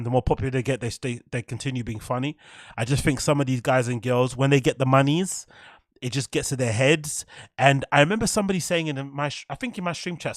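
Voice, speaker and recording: A man's voice: mid-range voice, no room sound, studio quality. A British man hosting a podcast, ranting in heated, profane comedic commentary and laughing at his own jokes. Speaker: podcast host.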